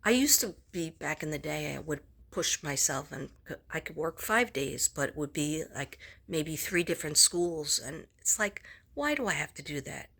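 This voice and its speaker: A woman with a fairly low voice talks casually to her camera as a vlogger and psychic reader. She rambles, restarts her sentences and wanders into asides. Now and then she sinks into a soft near-whisper. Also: animated, normal speed, gravelly.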